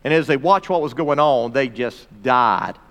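A man teaching a Bible lesson, reading scripture dramatically with pauses and stopping to point out phrases. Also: medium pitch, expressive, a bit bright. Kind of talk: expository sermon reading scripture. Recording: long reverb of a large hall.

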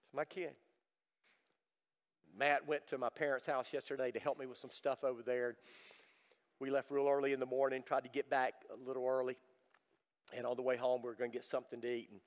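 A middle-aged man preaching a sermon to his congregation, swinging from loud emphatic lines to hushed, almost whispered ones. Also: medium pitch, in a large hall. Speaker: pastor. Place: church service.

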